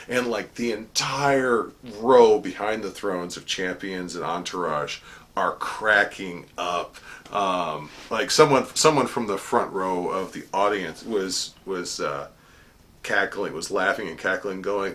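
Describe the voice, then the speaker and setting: This middle-aged court herald chats casually about an event in a storytelling monologue, full of fillers and restarts. His voice is bright and forceful with lively intonation and an unhurried pace, turning into a booming formal proclamation when he quotes court cries.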